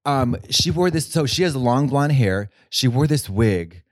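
A man's voice: medium pitch, expressive, a little slow, no echo, studio quality. A man co-hosting a podcast in casual chat, rambling and swearing, with many restarts and fillers. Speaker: podcast co-host.

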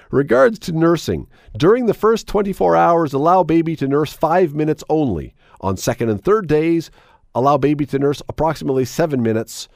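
In a radio studio, a man with a medium-pitched, slightly mellow voice hosts a talk show, chatting wryly and reading items aloud with sarcastic asides. The studio microphone gives a clean sound with no echo.

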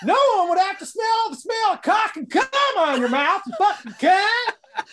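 A man doing an impression of a foul-mouthed man ranting in a shrill, drawn-out yell. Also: expressive, background noise. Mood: furious. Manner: screeching, drawn-out shouting.

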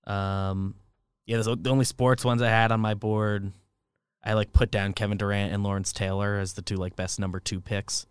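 A man with a lowish, smooth voice explains things on a podcast at a measured pace, hesitating now and then. The mic is close and dry. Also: level tone, no room sound. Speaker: podcast co-host. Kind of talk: casual banter.

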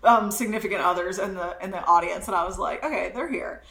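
A woman's voice: fairly low pitch, fairly even intonation, quick pace, a bit bright, echoey room. A woman in her thirties, a podcast guest, chatting casually with a giggly, loose way of telling stories. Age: 30s. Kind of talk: casual chat.

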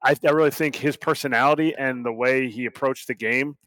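A man's voice: medium pitch, a little fast, a bit bright. A man co-hosting a sports podcast, giving an earnest, thoughtful take. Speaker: podcast co-host. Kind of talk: casual sports chat.

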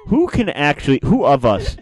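A man hosting a comedy podcast, talking in a loose, animated, teasing way and often laughing. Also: on the high side, normal speed. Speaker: podcast host. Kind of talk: casual comedy chat.

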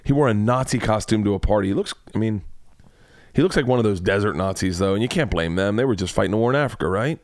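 A man's voice: lowish voice, a little mellow, no room sound. A man hosting a comedy podcast, rambling through celebrity news with lots of swearing. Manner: profane, rambling, quick asides. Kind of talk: casual comedy podcast rant.

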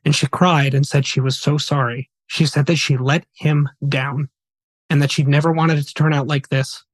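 A man's voice: a little high, fairly even intonation, normal speed, no echo. A male podcast host earnestly retelling a somber true story, voicing quoted dialogue as he goes.

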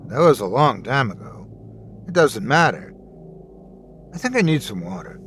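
A man's voice: medium pitch, very animated, normal speed, fairly bright tone, slight background noise. A man voicing a frightened, rattled grown man who speaks tensely and defensively.

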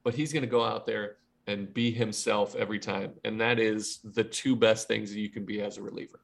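A man's voice: lowish voice, fairly even intonation, brisk, gravelly. A man co-hosting a podcast in casual sports chat, easygoing and often restarting his words. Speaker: podcast co-host.

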